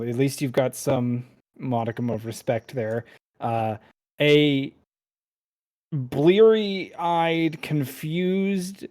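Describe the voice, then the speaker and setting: A man's voice: medium pitch, darkish tone. A man narrating as game master in a casual, rambling way with many fillers.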